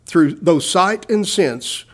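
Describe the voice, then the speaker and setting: A male preacher giving a sermon with dynamic swells and hushed drops, often calling his listeners beloved. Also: sits high, animated, slow pace.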